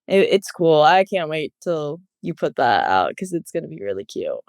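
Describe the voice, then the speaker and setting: A young woman of twenty from Los Angeles sits as a podcast guest, her voice smooth and resonant. She giggles a lot and strings her thoughts together with plenty of "like", relaxed and chatty. The sound is close and dry. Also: low-pitched, normal speed, no echo. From Los Angeles, USA. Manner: giggly, laughs often, heavy use of "like". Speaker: guest footballer. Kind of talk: casual podcast interview.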